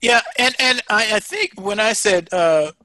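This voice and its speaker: A man's voice: high voice, animated, a little slow, bright, forceful tone, dry recording. A man teaching a class, giving patient, encouraging feedback with many fillers and restarts. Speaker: instructor.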